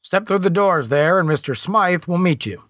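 A man's voice: high voice, lively intonation, normal speed, fairly bright tone, no room sound, clean studio sound, pitched above the performer's own voice. A man doing a polite, formal customs official. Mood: courteous. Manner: courteous, official.

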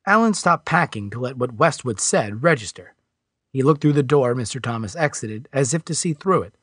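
A male narrator reads a scripted audiobook in a husky, lively voice. His pitch is medium and his pace moderate, recorded at studio quality with no room sound.

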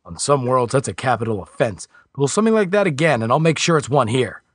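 A commanding scholar who lays out his points firmly, one by one, as a male narrator voices him. The voice is slightly husky and the sound is dry. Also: mid-range voice, very animated, dry recording. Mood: stern. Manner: firm, measured.

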